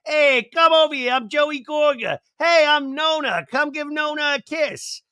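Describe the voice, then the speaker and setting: A man's voice: extremely high pitch, measured pace, bright, forceful tone, dry recording, studio quality, voice pushed up, heavily acted. A man imitating a doting, pushy elderly Italian-American grandmother with a New Jersey accent. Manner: boisterous, coaxing, repetitive.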